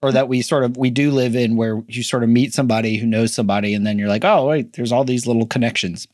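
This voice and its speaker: A man hosting a podcast, asking his guests questions in a lively, conversational way. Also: medium pitch, quick pace, no room sound, studio quality. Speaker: podcast host. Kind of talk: casual interview.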